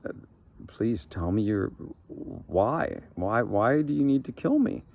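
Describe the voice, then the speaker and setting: A man's voice: on the low side, big pitch swings, slow, vocal fry, a little mellow, full character voice. A man voicing a poor, frightened old fisherman who pleads and stammers in a told story. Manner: anxious, stammering pleas. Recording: background noise.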